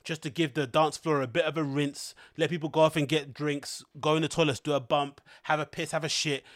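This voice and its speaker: A man's voice: a little high, flat delivery, brisk, a bit bright, no echo, studio quality. A man hosting a podcast, rambling in casual slangy chat and laughing often. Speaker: podcast host.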